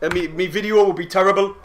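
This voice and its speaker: Young lad with a high voice, streaming live football reactions and swinging between yells and quiet chat-reading. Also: male voice, normal speed. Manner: excitable, shouting and swearing at goals, then quietly reading chat.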